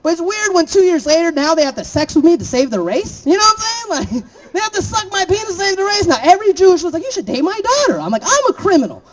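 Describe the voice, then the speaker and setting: A man's voice: very high voice, sing-song, fast talker, highs cut off, a little hiss or hum. A young man from Florida doing a stand-up set, laughing at his own jokes and throwing chatty asides to the crowd. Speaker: stand-up comedian.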